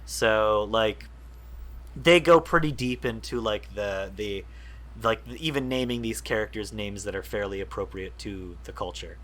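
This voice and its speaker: A man's voice: fairly low pitch, a little slow, fairly bright tone. A man co-hosting a casual gaming podcast, explaining at length with lots of fillers and restarts. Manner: rambling, enthusiastic explainer with many fillers. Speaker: podcast co-host.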